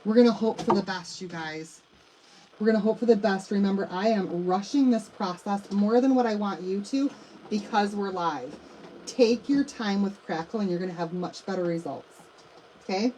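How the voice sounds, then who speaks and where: A woman's voice: mid-range voice, warm tone, a little hiss or hum, poor audio. A middle-aged woman hosting a live craft demonstration, chatting to viewers as she works. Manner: chatty, addresses viewers as you guys and y'all. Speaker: craft livestream host.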